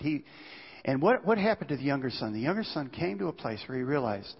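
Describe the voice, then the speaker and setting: A man preaching a sermon as pastor, earnest and pleading, often dropping to a hushed low voice. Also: animated, fast, husky. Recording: dull sound in a reverberant hall.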